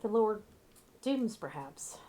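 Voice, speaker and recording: A woman's voice: medium pitch, sing-song, mellow. Woman reading as a scheming wizard. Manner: measured, grandiose reading. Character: scheming arrogant male wizard.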